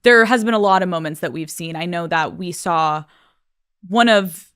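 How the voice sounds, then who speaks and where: A woman hosting a podcast interview who asks gentle, probing questions. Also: on the low side, normal speed, clear, resonant tone, no room sound, clean studio sound. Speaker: podcast host.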